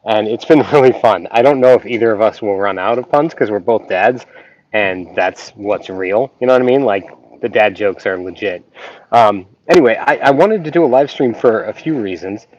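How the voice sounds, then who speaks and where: Greeting his live stream audience, this YouTube reaction host speaks at a normal speed in a lowish, slightly mellow voice with no room sound. He rambles casually, filling gaps with ums, over a dull lo-fi recording with faint noise.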